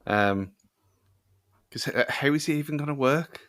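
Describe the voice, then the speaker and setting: A casual man co-hosting a podcast, hesitant, with frequent chuckles and plenty of "I mean." His pitch is mid-range. The sound is dry and close. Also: a little slow, a bit bright, no room sound. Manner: laughs often, hesitant, lots of "I mean". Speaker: podcast co-host. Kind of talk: casual chat.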